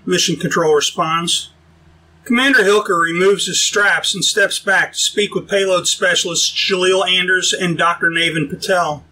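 A man narrating a science-fiction audiobook in an even, explanatory storytelling manner. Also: high-pitched, moderate pace, rough recording. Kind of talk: scripted narration.

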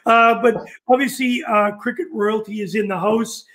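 Host guy, high voice, chatty and jokey. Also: fairly even intonation, normal speed, a little hiss or hum. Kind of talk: casual live interview chat.

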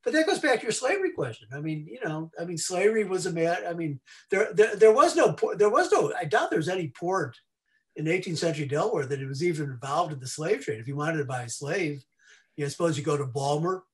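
A man's voice: on the high side, lively intonation, quick pace. A man speaking as an invited scholar in a seminar discussion over a video call, rambling through asides and restarting his sentences.

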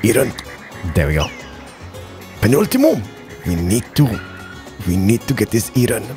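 A man's voice: on the low side, animated, moderate pace, darkish tone, soft background music. A man hosting a game channel who rambles playfully through casual gameplay commentary and drops mock Spanish words. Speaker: gaming channel host.

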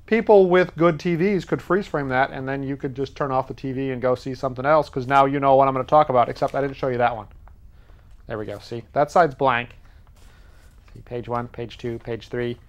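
With a medium-pitched, steady voice, a public access TV host in a studio delivers a rambling, casual comedic monologue. He mocks himself and acts out dialogue from both sides in quick voices.

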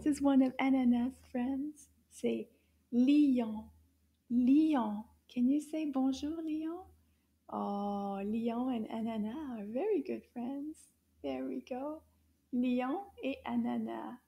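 Slow, high-voiced gentle children's teacher woman. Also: creaky, breathy edge. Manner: gentle, encouraging, slow, drawn-out sounds. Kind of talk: children's language lesson.

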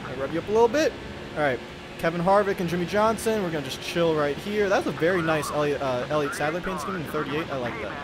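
A young man giving chatty, exasperated, self-mocking commentary while playing a racing game at home. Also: a little high. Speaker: gaming YouTuber. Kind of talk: gameplay commentary. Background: game music.

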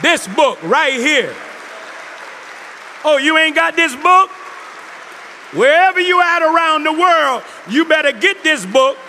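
A man preaching, his voice very high and piercingly bright. He tells his story, then breaks into shouts and quick asides to the audience. The sound rings with long reverb from a big hall, and a faint crowd is heard behind him. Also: lively intonation, slight background noise. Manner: preaching, rising to shouts, call-and-response asides. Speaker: minister. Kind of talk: sermon testimony. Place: large hall before an audience.

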